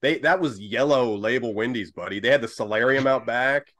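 A man's voice: medium pitch, brisk, fairly bright tone. A man co-hosting a podcast interview, chatting casually and with enthusiasm, calling his guest dude and man. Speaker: podcast co-host.

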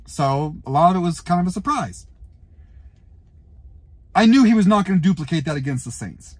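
A man giving an angry, profane fan rant to camera, breaking into shouted outbursts. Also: high-pitched, animated, moderate pace, dry recording. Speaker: YouTuber and football fan.

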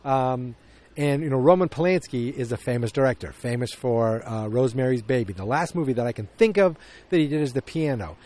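A podcast host chats casually about a film, rambling, self-correcting and opinionated as he goes. His mid-range voice moves fairly quickly and has a warm tone.

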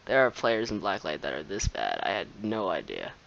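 A young man giving live gameplay commentary, excitable, laughing often and shouting at the players who beat him. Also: low-pitched, normal speed, vocal fry, muffled recording, a little hiss or hum.

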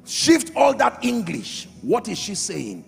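A man preaching a sermon as pastor, emphatic, swinging from loud shouts to quiet drops. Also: sits high, wildly swooping pitch, slow pace, vocal fry. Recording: reverberant hall with faint music.

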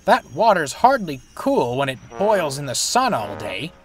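A man's voice: on the high side, wildly swooping pitch, unhurried. A man voicing a vain, dramatic male steam engine who sighs and sulks theatrically, with music playing behind him. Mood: sulky. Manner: sighing, sniffy and theatrical.

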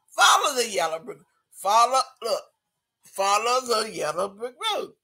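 Sassy high-voiced man reading live comments. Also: lively intonation, unhurried, breathy edge. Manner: loud, laughing, reads comments aloud with sassy drag-style banter. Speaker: live-stream host reading viewer comments. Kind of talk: casual live-stream chat.

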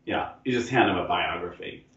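A man co-hosting a podcast, tossing in quick, teasing remarks in a casual chat. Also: sits low, crowd noise. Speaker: podcast co-host. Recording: dull, echoey sound from off-mic.

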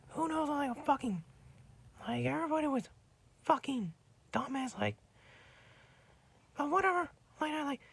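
A woman with a very high, swooping voice rants nonstop, crude and insulting, swearing at every turn. She rambles and trips over her own filler words, her pitch jumping all over the place. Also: creaky. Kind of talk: profane ranting monologue.

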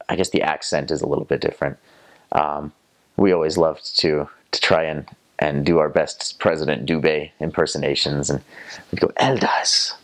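A man in his twenties from North Carolina with a Southern American accent, telling relaxed, amused stories about his time abroad. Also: extremely low pitch. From North Carolina, USA. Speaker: returned missionary. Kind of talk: casual storytelling to camera.

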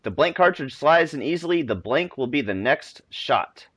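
A man's voice: on the high side, expressive, normal speed, fairly bright tone, husky, no room sound. A young man giving casual, chatty commentary on a video game, wondering aloud as he plays.

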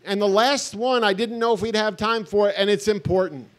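Earnest preaching man, high voice. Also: a little fast. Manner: earnest, conversational storytelling with wry asides. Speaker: pastor. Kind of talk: festival talk, sermon-like.

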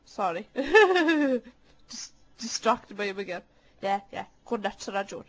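A young woman giggles, swears and teases playfully while recording casual voice clips into a handheld mic in a cold room at home. Her voice is fairly high, with lively intonation and a measured pace.

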